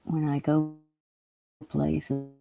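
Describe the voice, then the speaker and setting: A woman chatting casually on a livestream while she works a puzzle, talking in a subdued, low-key way. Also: monotone, drawn-out words, gravelly, warm tone, poor audio. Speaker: streamer.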